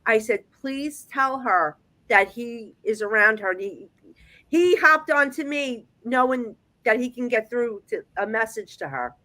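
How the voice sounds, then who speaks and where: A woman with a slightly raised voice tells her readings as a medium in a chatty, animated flow, often restarting her sentences as she goes. She speaks over a video call. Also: fairly high pitch, unhurried. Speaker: psychic medium guest. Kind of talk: casual storytelling chat.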